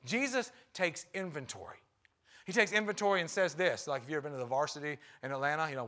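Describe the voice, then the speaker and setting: A man's voice: fairly high pitch, lively intonation, fast talker, fairly bright tone. A man preaching a sermon in a church, a husband and father who talks in a conversational way and acts out the quotes in his story. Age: young adult to middle-aged, a father. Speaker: guest preacher. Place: church sanctuary.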